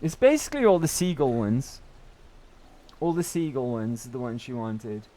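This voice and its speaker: A man's voice: medium pitch, lively intonation, moderate pace, dark tone. A young British man streaming a game, chatting in a rambling way and often tagging on "right?". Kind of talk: casual gaming chat.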